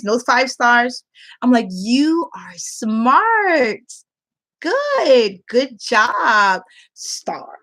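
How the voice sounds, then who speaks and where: A woman English teacher giving casual tips in a playful, animated way, laughing often. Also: mid-range voice.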